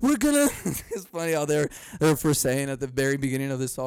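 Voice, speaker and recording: A man rants alone on his podcast in a high, smooth voice, swearing freely. He swings from loud mock outrage to low, muttered asides and laughs at his own jokes. The close mic keeps the sound dry. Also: expressive, brisk, hardly any pauses, no room sound. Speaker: podcast host. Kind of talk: casual solo podcast rant.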